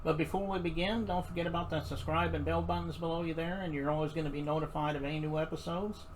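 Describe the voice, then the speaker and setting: A man hosting an interview show, friendly and halting, with many pauses. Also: a little high, steady tone, rough recording. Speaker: show host. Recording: faint background noise.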